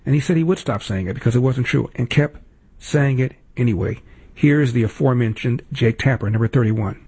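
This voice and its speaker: A man's voice: medium pitch, a little fast, mellow, husky, no room sound. A male radio talk host giving sarcastic, indignant political commentary and reading ads, with emphatic repetition.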